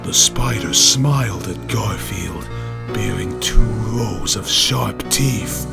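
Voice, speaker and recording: A man's voice: mid-range voice, animated, takes it slowly, vocal fry, soft background music. A man reading a children's scary story aloud in a dramatic way, building tension. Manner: dramatic, builds tension, rising to near-shouting at scary moments.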